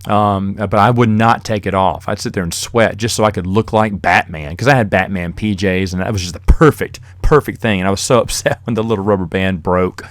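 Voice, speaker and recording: A man's voice: fairly low pitch, a little fast, few pauses, no echo, clean studio sound. A man hosting a podcast on his own, telling rambling stories in a casual monologue and chuckling as he goes. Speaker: podcast host.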